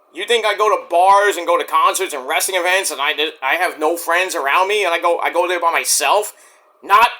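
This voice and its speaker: A man with a high voice delivers a rambling solo vlog. His tone is bright and forceful, and he talks bluntly and defiantly, swearing freely. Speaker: vlogger. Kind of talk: casual rambling monologue.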